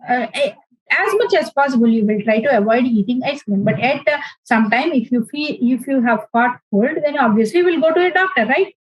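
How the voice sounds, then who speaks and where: A woman giving an informal career lecture, halting, with many fillers and restarts. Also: sits high, no room sound, rough recording. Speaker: instructor.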